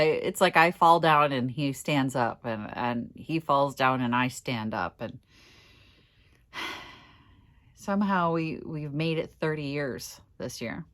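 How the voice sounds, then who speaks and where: A middle-aged woman from Minnesota chats to her vlog viewers in a low voice that rises and falls a lot. She is tearful and emotional, and keeps laughing through her tears. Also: a bit bright. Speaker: vlogger. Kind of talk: casual personal vlog.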